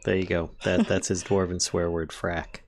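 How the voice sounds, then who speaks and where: A man casually playing a tabletop game, easygoing and quick to laugh. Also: sits low, little pitch movement, a little mellow, a little hiss or hum.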